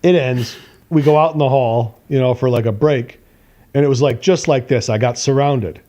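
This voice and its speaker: A man's voice: mid-range voice, normal speed, warm tone. A man co-hosting a podcast, telling a casual story animatedly, acting out voices and swearing now and then. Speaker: podcast co-host.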